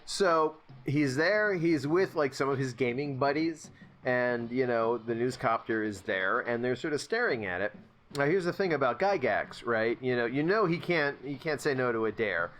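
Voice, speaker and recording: Rambling jokey man with lively pitch. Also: normal speed, a little hiss or hum. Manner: rambling, jokey, full of fillers. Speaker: player. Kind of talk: casual chat.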